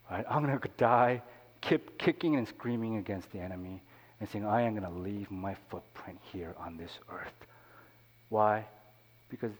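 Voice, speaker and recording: A man, a pastor, preaching a sermon in a conversational way, with many "you know" asides. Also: on the low side. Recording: long hall reverb.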